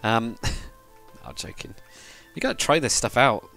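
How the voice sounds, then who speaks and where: A man's voice: medium pitch, lively intonation, measured pace, vocal fry, bright, forceful tone, soft background music. A British man from the UK chatting casually with viewers while he builds in a game, rambling and swearing now and then. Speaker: livestreamer. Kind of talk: casual live-stream chat while building.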